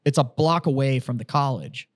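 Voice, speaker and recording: A man co-hosting a podcast, telling stories in casual, profane, animated chat. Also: mid-range voice, normal speed. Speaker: podcast co-host.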